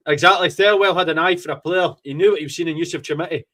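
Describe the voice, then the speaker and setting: Excitable Scottish man gloating over football. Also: on the high side, fast talker, hardly any pauses. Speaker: fan podcast host. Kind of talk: live football match reaction.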